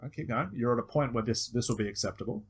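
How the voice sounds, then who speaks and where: A man's voice: medium pitch, animated, rapid-fire, slightly rough. A man with an Australian accent coaching a student one on one, patiently explaining step by step and acting out example phrases. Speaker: hypnosis coach.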